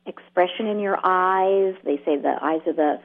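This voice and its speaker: A woman's voice: lowish voice, normal speed. A woman hosting a radio interview, asking curious, thoughtful questions. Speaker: radio host. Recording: phone-like radio sound.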